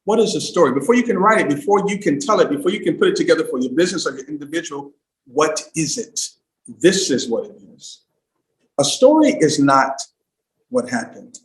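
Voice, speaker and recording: A man giving an emphatic livestream talk as a storytelling coach, swinging from loud bursts to hushed asides. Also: on the high side, very animated, a little fast, reverberant, poor audio.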